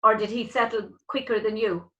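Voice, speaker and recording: A woman hosting a casual chat-show interview. Her voice is fairly high and very bright and clear. She keeps things friendly and chips in with teasing remarks. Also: steady tone, a little fast, poor audio. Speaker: talk show host.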